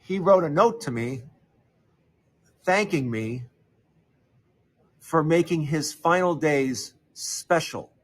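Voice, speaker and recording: Middle-aged male storyteller, slightly high voice, conversational, lots of restarts, drops low and soft for quoted lines. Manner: conversational, halting, many restarts and fillers; softens and lowers voice when quoting others. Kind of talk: personal storytelling.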